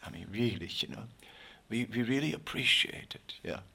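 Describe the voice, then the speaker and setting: A man giving an informal, rambling sermon, joking often and pausing with many fillers and restarts. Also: fairly low pitch, lively intonation, creaky, bright, forceful tone, breathy edge. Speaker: spiritual teacher.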